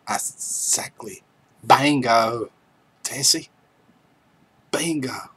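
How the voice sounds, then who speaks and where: A man's voice: medium pitch, drawn-out words, a bit bright, slightly rough, poor audio. A man hosting a livestream, chatting casually and joking with viewers as he reads their names aloud. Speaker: livestream host. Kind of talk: casual chat with live viewers.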